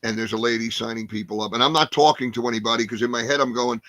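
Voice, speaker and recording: A man's voice: medium pitch, fairly even intonation, fast, fairly bright tone, no echo. A man in his sixties from New Jersey, a comedian guest telling a rambling story full of fillers and acted-out quotes. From New Jersey, USA. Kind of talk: storytelling in a podcast interview.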